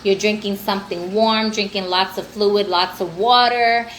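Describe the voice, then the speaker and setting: A woman's voice: medium pitch, steady tone, moderate pace, fairly bright tone, slight background noise. A woman hosting a livestream in casual, profane, laughing talk aimed at her viewers. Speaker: livestream host.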